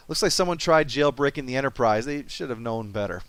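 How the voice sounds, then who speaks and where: A man's voice: on the high side, animated, fast talker, hardly any pauses, no echo. A man narrating a comedic game review, full of sarcastic wisecracks.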